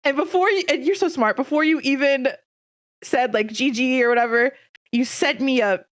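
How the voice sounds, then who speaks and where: A woman's voice: sits high, normal speed, no room sound. A woman in casual podcast talk, telling a story with emotion and animation. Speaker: streamer guest.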